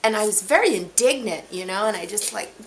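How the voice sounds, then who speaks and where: A woman in her sixties, a stage actress, telling an anecdote in a lively storytelling manner, acting out the quotes. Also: medium pitch, fairly quick, a little hiss or hum. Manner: animated, acts out quotes.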